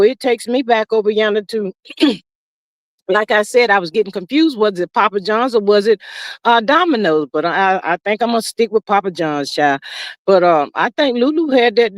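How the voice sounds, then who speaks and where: Drawling through a casual gossip stream, this older host keeps things folksy and stretched out, calling her audience child and honey. Her voice is high and a touch bright, with no echo.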